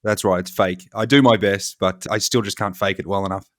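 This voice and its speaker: A man's voice: on the low side, steady tone, brisk, no room sound, studio quality. A man in his thirties with an Australian accent from Victoria, a guest chatting in a laid-back, jokey way. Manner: jokey, laid-back, says mate often. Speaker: guest, vertical farming founder. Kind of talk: casual interview chat.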